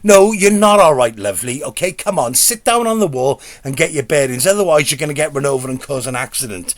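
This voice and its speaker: A woman's voice: rumbling low, expressive, fast, no room sound. A man voicing a frail elderly woman who fusses worriedly over someone in trouble. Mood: insistent. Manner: fussy, worried, motherly.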